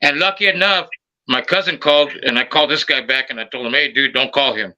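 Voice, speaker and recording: A man's voice: mid-range voice, fast, dull audio. A man hosting a podcast, telling a funny story in casual, profane chat, acting out the voices in it. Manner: animated storyteller, acts out voices, swears a lot. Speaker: podcast host.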